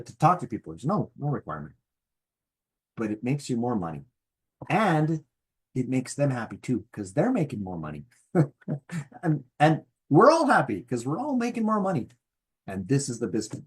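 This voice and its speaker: A middle-aged man gives a motivational business talk with a husky, slightly breathy voice. His pitch swings up and down a lot as he speaks. He talks in a folksy way and keeps checking in with his listeners. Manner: animated, folksy, checks in with "okay?". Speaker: presenter.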